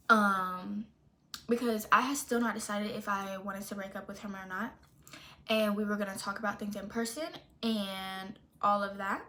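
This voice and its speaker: Sassy bright-voiced young woman. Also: medium pitch. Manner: animated, sassy, exaggerated retelling. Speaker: storytime vlogger. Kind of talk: casual storytime.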